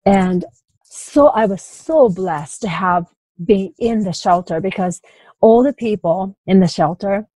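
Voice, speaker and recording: Woman retelling a story in halting bursts. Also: medium pitch, mellow, no room sound, rough recording. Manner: halting retelling with frequent restarts, "you know" and light laughs. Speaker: interview guest. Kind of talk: personal story in a conversational interview.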